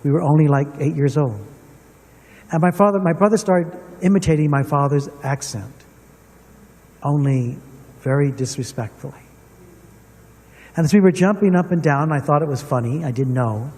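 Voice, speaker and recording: Middle-aged man, symposium speaker, personal storyteller, soft husky voice, long hall reverb. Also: a little high, normal speed, long pauses. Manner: storytelling, personal and earnest, addressing the room. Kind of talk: reflective public talk to an audience. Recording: distant mic in a reverberant hall.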